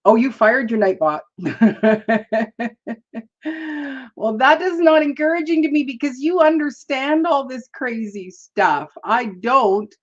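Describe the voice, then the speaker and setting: A woman's voice: fairly high pitch, slow pace, highs cut off. A woman hosting a live stream, chatting in a rambling, casual way, laughing often and greeting viewers. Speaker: livestream host.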